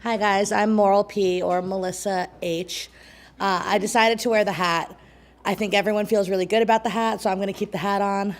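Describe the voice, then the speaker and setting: A woman's voice: medium pitch, steady tone, fairly quick, slight background noise. Breathless, giggly woman poet at an open mic. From New York State. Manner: nervous, laughing asides, chatty. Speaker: poet and co-host. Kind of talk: open mic poetry reading. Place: small community venue.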